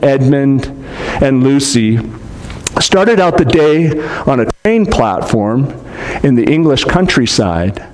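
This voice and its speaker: A man reading a storybook aloud to children, adding gentle explanatory asides. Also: medium pitch, a little hiss or hum.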